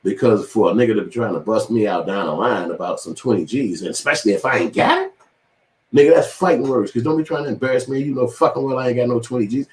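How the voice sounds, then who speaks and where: A man hosting his own channel, talking in a profane, animated commentary monologue and slipping into quoted voices as he tells stories. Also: mid-range voice, quick pace, echoey room, low-quality recording. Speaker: channel host.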